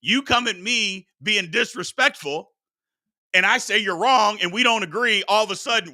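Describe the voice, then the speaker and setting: A man's voice: high voice, moderate pace, sharp tone, no room sound, clean studio sound. A man hosting a sports talk show, arguing heatedly with his chat and preaching about respect. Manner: combative, preachy, exclaims "Lord have mercy".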